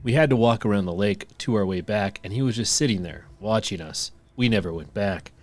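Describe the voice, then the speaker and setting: A man's voice: fairly low pitch, fairly quick. A man co-hosting a podcast, reading stories aloud and joking and laughing between lines. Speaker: podcast co-host.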